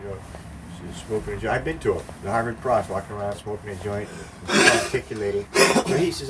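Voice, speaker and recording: Here the older man's voice sits on the low side and moves at a quick clip as he tells a wandering, crude story over casual chat. He impersonates the people involved, and the distant mic picks up faint background noise.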